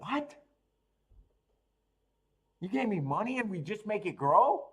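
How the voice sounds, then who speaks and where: A man hosting a horse racing betting livestream, chatting casually in an animated way, swearing, laughing and rambling with restarts. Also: high voice, slow, long pauses, slightly rough.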